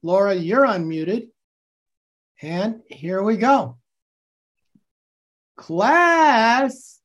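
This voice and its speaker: A man coaching teachers over a video call, slowly explaining a classroom game and acting out its calls with bursts of energy. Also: sits high, animated. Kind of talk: enthusiastic classroom-technique demonstration.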